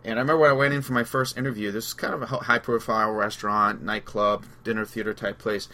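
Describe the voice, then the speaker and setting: A man with a bright, forceful voice hosts a loose, casual podcast chat. He rambles through his stories and laughs along the way. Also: lowish voice, flat delivery, quick pace. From Long Island, New York. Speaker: podcast host.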